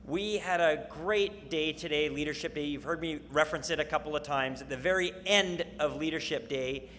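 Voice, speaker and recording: A man hosting a company event, making upbeat, brisk announcements to the audience. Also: a little high, a bit bright. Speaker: event host. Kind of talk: emcee announcements. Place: large event hall. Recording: echoey hall with crowd and faint noise.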